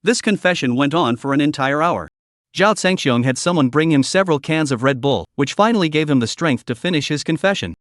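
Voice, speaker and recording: A man's voice: on the high side, lively intonation, fairly quick, a bit bright, no echo, studio quality. A man narrating a dramatic story recap in a scripted storytelling style.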